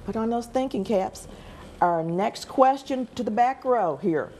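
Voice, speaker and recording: Cheery female game show host, mid pitch, noisy studio recording. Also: lively intonation, unhurried, dark tone. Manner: upbeat, chatty, laughs often. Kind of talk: hosting a local TV family game show.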